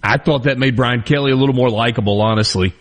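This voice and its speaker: A man hosting a sports talk radio show, chatting with co-hosts and reading ads briskly. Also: mid-range voice, a little hiss or hum. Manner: animated, quick to laugh, reads ads briskly.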